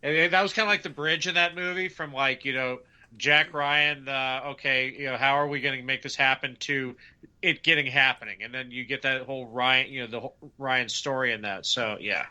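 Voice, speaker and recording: Man with a very bright voice. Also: medium pitch, steady tone, fairly quick. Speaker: podcast co-host. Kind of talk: casual chat.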